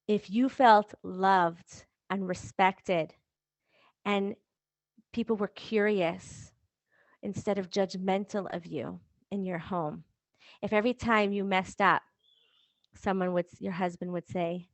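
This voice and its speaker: Woman coach, mid pitch, chatty and asks questions, dry close recording. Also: fairly even intonation, unhurried, no echo. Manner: warm conversational, rhetorical questions, laughs lightly. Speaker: coach and podcast host. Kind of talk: motivational talk to listeners.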